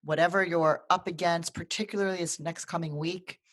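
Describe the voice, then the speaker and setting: Animated, restart-prone storyteller. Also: mid-range voice, normal speed. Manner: animated storyteller with frequent restarts and repeated words. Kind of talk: casual live video chat, telling a personal story.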